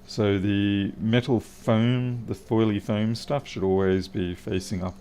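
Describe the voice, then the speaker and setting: A man's voice: on the low side, steady tone, a little slow, dark tone, a little hiss or hum. A man hosting a live repair stream, talking casually and wryly to viewers as he works on a device. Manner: wry, chatty, answering viewers' comments. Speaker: livestream repair host. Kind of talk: casual live-stream commentary while working.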